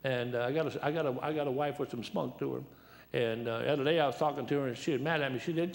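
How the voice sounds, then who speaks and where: A seventy-year-old preacher with a gravelly, worn-out voice, preaching in a church. He moves through joke after joke and story after story in a loose, folksy way, at a middle pitch. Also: steady tone, fast talker. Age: 70s. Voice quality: worn, dried-up voice. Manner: joking, folksy, full of anecdotes. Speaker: guest preacher.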